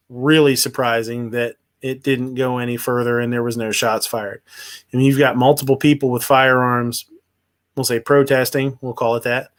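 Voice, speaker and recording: A man's voice: mid-range voice, a bit bright. A man hosting a livestream, commenting on news in a rambling, hesitant way with many fillers and restarts. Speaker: livestream host.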